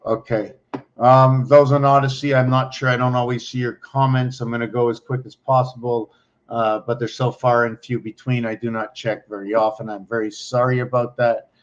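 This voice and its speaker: A man hosting his own channel, talking viewers through his screen slowly as he searches for things, rambling and correcting himself along the way. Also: medium pitch, flat delivery, lo-fi sound. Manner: slow, rambling, searching aloud with many pauses and self-corrections. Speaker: channel host teaching on screen. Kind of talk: thinking-aloud screen walkthrough.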